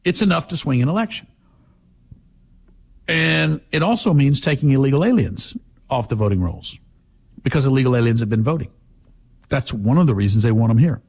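A man's voice: mid-range voice, animated, a little fast, creaky, pauses often, darkish tone, husky. A man hosting a talk show, giving sarcastic, emphatic opinion commentary.

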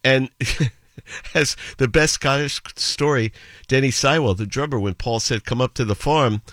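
A man's voice: medium pitch, measured pace, fairly bright tone, no echo. A man hosting a radio show, telling casual anecdotes and slipping into playful imitations of accents. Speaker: radio host. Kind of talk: casual radio chat and storytelling.

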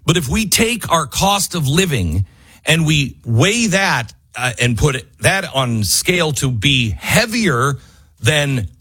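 A man's voice: fairly high pitch, sing-song, slow, pushed and bright, husky, no room sound, studio quality. A man hosting a talk radio show, delivering an impassioned, frustrated monologue and raising his voice at times. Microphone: studio microphone.

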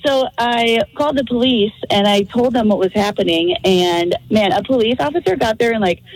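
A woman calling in to a radio show and telling a story in an excitable, tumbling way. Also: fairly high pitch, moderate pace, no echo, low-quality recording. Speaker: radio caller.

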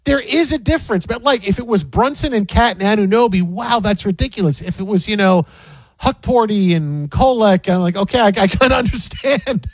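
A man's voice: high voice, moderate pace, no room sound. A man co-hosting a casual sports talk show, ranting with repeated restarts and frequent laughs. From Detroit area. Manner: animated, ranting, repeats himself, laughs often. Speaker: sports radio co-host.

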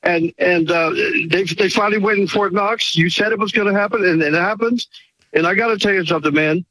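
A man's voice: high voice, a little fast, bright, forceful tone, no room sound, poor audio. A man calling in to a talk show, emotional, grateful and rambling. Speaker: caller. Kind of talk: call-in chat.

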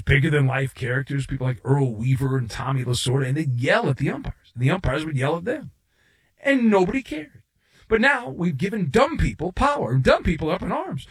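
A middle-aged man on sports talk radio, riffing sarcastically through an opinionated monologue. His pitch sits a bit high and swings widely, leaping up for mock outrage and dropping low for asides. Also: breathy edge. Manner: sarcastic, mocking voices and rising to shouts.

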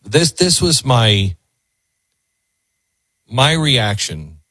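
A man hosting a call-in radio talk show, earnest and halting, often repeating his words. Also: medium pitch, very animated, sharp tone, slightly rough, no echo.

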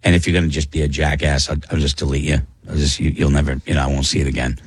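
A man's voice: a bass voice, flat delivery, racing, breathy edge, dry recording. A man hosting a radio show, talking bluntly and plainly in casual banter with co-hosts.

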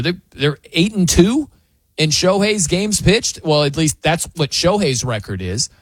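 Male sports talk host, emphatic incredulous rant, lively swooping pitch, a bit husky, dry close sound. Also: measured pace, dry recording. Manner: laughs between points. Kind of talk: opinionated sports commentary.

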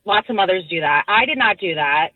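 Female phone caller, dry tinny line, lively voice, matter-of-fact. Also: mid-range voice, fairly quick, dry recording.

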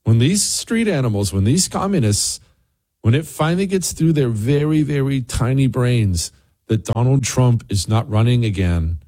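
A man's voice: medium pitch, expressive, moderate pace, dark tone. A man hosting a political talk radio show, delivering a heated, ranting monologue.

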